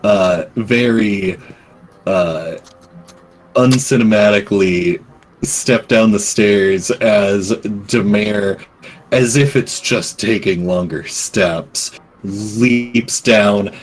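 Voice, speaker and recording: A man narrating as game master of a tabletop game, casual and halting, with many fillers. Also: lowish voice.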